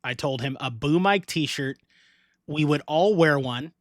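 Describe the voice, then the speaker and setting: A middle-aged man hosting a casual podcast chat, animated, laughing often and swearing freely. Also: fairly high pitch, a little slow, no room sound, clean studio sound. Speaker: podcast host.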